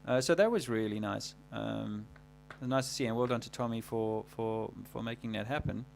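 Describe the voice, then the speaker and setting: A man hosting a livestream, talking casually in a rambling, halting way full of fillers and restarts. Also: fairly low pitch, gravelly, a little hiss or hum. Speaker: livestream host.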